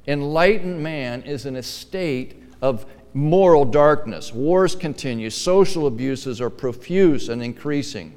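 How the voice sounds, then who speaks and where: A pastor preaches unhurriedly in a smooth, resonant man's voice with lively intonation and few pauses, a long reverb trailing each phrase through the hall. His emphatic delivery swings between soft, low asides and loud, pressing, stressed lines that drive each point home.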